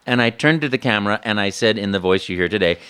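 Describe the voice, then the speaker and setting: In an interview, a male voice actor tells a story with lots of animation, often stammering and starting over. His voice sits on the low side and runs fast and smooth.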